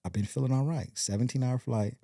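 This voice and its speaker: A man's voice: medium pitch, quick pace, mellow, no echo, clean studio sound. A man from Compton, a podcast guest, telling a long personal story in a rambling way and acting out the quoted voices. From Compton, California. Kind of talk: storytelling in casual interview.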